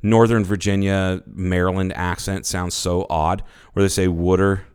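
Smooth-voiced man in casual podcast chat. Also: low-pitched, moderate pace. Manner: animated, profane, rambling enthusiasm. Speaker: podcast co-host.

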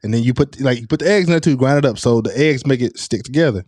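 A man co-hosting a podcast, casually and insistently explaining a recipe step by step in lively banter. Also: mid-range voice, fast talker, no echo. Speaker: podcast co-host.

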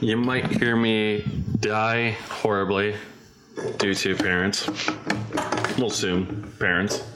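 A man hosting a podcast, speaking in a dry, halting way during casual banter. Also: fairly low pitch, little pitch movement, noisy background. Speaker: podcast host. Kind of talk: casual banter among friends.

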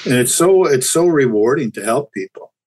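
A man's voice: medium pitch, animated, normal speed, a little mellow, a little hiss or hum, low-quality recording. An older man, a chiropractor guest, talking candidly and reflectively in a casual interview, often restarting his sentences. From Canada.

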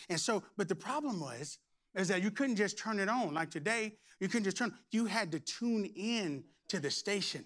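A middle-aged pastor preaches with energy and humor, sometimes breaking into shouts. His voice sits high for a man and has a bright edge. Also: animated, moderate pace. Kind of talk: sermon.

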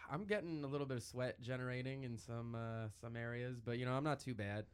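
Man, podcast guest, dry laid-back delivery, swears a lot, mid pitch, small home studio. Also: a little fast, clean tone. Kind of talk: casual comedic chat.

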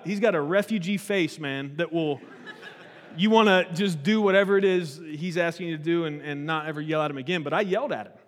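A man in his thirties preaching a sermon in a conversational, animated way, often restarting his sentences. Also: a little high, long reverb tail. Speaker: pastor.

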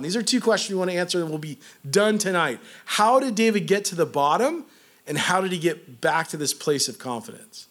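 A male preacher with a somewhat higher-than-usual voice delivers a sermon. He speaks in a loose, conversational way and keeps dropping "like" as he explains scripture. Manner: conversational, peppered with "like".

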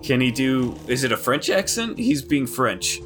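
A man's voice: medium pitch, huge pitch swings, unhurried, music in the background. A man playing in a casual tabletop game, full of questions and laughter, often stumbling over his words. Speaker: player.

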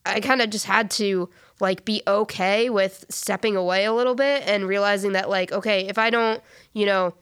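A woman talking in a relaxed group chat about her spiritual life. She speaks in broken, halting phrases, stacking fillers and restarting her thoughts. Her voice sits at an ordinary pitch, recorded close and dry with no room sound. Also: clean tone, dry recording. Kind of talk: casual faith chat.

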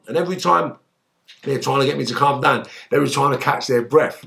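Here the ex-gangster's voice sounds gravelly and fairly high, and he talks fast. As a guest in a laid-back interview, he spins lively stories, swears a great deal, and yells out the outbursts he's recounting.

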